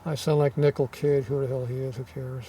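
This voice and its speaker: A man with a scratchy, sore throat reading viewer comments in a casual, offhand way, clearing his throat often and muttering asides. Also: medium pitch, flat delivery, fairly quick, mellow, far from the mic.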